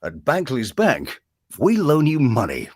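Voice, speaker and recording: Parody ad voice: a hammy male radio announcer, drawn-out and over the top, as a man puts him on. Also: mid-range voice, huge pitch swings, husky, no room sound, studio quality, heavily acted. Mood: hammy salesman. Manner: slow, over-the-top salesy delivery.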